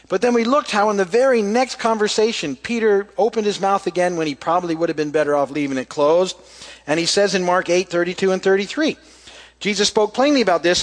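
A pastor with a fairly high voice gives a relaxed, conversational sermon, telling scripture as a story and reading passages aloud. He acts out quoted lines, which come out softer and quieter.

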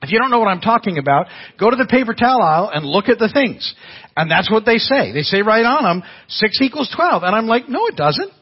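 A man's voice: sits high, expressive, quick pace, breathy edge. An older man preaching a sermon as pastor, telling folksy stories with frequent restarts. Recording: dull lo-fi church audio.

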